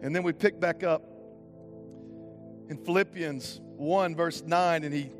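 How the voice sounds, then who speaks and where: A young male pastor preaches with a high, bright voice and real passion. He swings from rousing calls down to hushed, intense moments and drops casual slang into the sermon. Faint music plays softly underneath. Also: steady tone, measured pace. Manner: impassioned, rising to urgent calls then dropping to quiet intensity.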